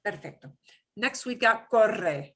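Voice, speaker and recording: Lively, bright-voiced woman teaching. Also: medium pitch, takes it slowly. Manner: patient, explains step by step; repeats words for students to echo. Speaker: Spanish teacher. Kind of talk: beginner language lesson.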